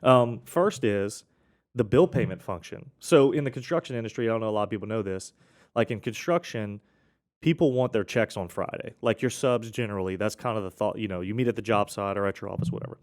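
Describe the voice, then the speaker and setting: Speaking briskly in a lowish, darkish voice, a man hosts an informal podcast about accounting. He shares client anecdotes in a rambling way, frequently restarting, fixing his wording and coughing at times.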